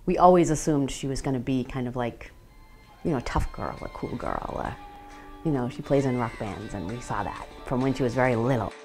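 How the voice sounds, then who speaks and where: A middle-aged woman speaking as a parent in a radio documentary interview, reflective and halting as she searches for words. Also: extremely low pitch, music in the background. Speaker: parent of a transgender teen.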